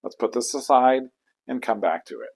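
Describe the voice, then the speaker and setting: A man who conducts choirs, speaking reflectively in an interview and acting out inner voices with sudden high exclamations. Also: moderate pace, darkish tone, breathy edge, low-quality recording. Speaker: choral conductor. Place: church.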